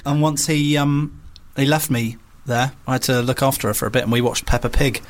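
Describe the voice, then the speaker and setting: A man's voice: medium pitch, steady tone, fairly quick. A young man co-hosting a radio show, bantering in a dry, teasing way. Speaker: radio co-host.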